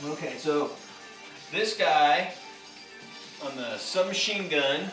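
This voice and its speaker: A man running a tabletop wargame, casual and excitable, counting dice out loud. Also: on the high side, slow pace. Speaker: game master. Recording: echoey room with music behind.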